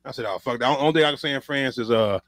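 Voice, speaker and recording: A man co-hosting a podcast, joking loudly with quick profane asides. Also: medium pitch, no room sound, clean studio sound. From Chicago. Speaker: podcast co-host. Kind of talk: casual banter.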